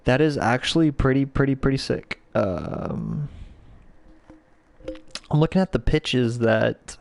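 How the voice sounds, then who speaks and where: A man's voice: medium pitch, slow, creaky, a little mellow. A young man hosting a podcast, telling a rambling, profane story in a casual, slangy way. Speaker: podcast host.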